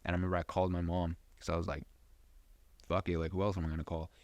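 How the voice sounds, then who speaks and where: A young man with a low voice tells a rambling personal story as a podcast host. He swears a lot and drops fillers everywhere. The sound is close and dry. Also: flat delivery, very fast, a little mellow, dry recording. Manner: profane, rambling, full of fillers. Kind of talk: casual storytelling.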